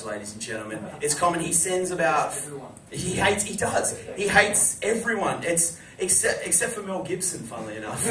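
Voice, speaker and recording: A man hosting a live chat show, telling stories to an audience and breaking into loud shouted impressions. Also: a little high. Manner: animated storytelling with shouted impressions. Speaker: host. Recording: echoey room from far off, crowd.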